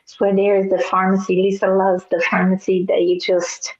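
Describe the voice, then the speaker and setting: A woman's voice: mid-range voice, fairly quick. Woman telling a story on a lo-fi call. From Nebraska, US. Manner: storytelling, animated, laughing often. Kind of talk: casual chat. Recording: dull lo-fi audio.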